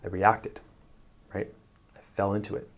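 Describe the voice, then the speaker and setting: Man, relationship coach, somewhat low voice; casual animated storyteller, filler-heavy, chuckles between phrases. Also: unhurried, gravelly. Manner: animated storyteller, frequent "like" and "right?", chuckles while talking. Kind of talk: casual advice monologue to the camera.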